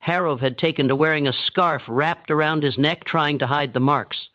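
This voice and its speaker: Reading scripted narration of a grim historical tale, a man keeps a steady, measured delivery. His voice sits a little high, and the recording comes across as lo-fi, dull, and dry.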